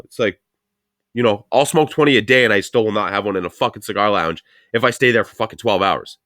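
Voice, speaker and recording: A man's voice: on the low side, quick pace, a bit bright, dry recording, clean studio sound. A man hosting a podcast, ranting bluntly in casual chat with lots of swearing. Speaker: podcast host.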